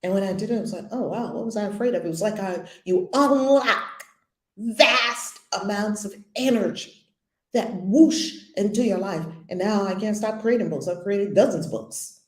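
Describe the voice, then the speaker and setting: A woman's voice: medium pitch, moderate pace, echoey room. A woman giving a spiritual lesson, earnest and emphatic, often repeating phrases, with conversational, playful asides. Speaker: spiritual teacher.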